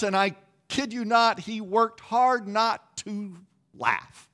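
A middle-aged man preaching a sermon with a voice pitched on the high side. He tells his story with lively pacing and self-mocking humor. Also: slow. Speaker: pastor.

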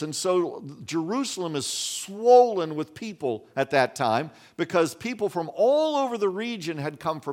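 High-voiced man preaching conversationally. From West Virginia. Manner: conversational, restarts and folksy asides. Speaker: pastor. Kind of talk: sermon.

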